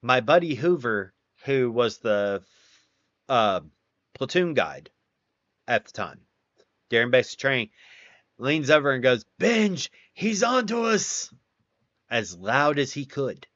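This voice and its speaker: A man's voice: mid-range voice, expressive, unhurried, long pauses, a bit bright, dry recording. A man hosting a casual stream chat, telling stories with lots of swearing and acting out the quotes himself. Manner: profane, wry storyteller acting out quotes. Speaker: streamer, host. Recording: dull, dry, lo-fi sound.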